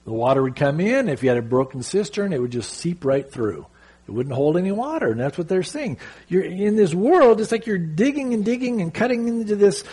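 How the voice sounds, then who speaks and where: A middle-aged man from Southern California preaching a sermon, reading scripture slowly and telling stories earnestly. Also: fairly high pitch, husky. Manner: earnest, animated storytelling with slow scripture reading. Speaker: pastor.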